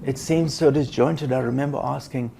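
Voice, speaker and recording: A man's voice: mid-range voice, fairly even intonation, moderate pace, gravelly, mellow, a little hiss or hum. An older man, a business educator, recounting in an anecdotal way how his work began, with restarts and acted-out dialogue. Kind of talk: reflective storytelling.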